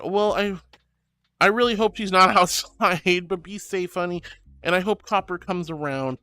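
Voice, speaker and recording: A man's voice: high-pitched, moderate pace, pushed and bright. A man streaming as a VTuber, reading chat aloud and greeting viewers in an affectionate, bubbly way, calling them sweetie and honey.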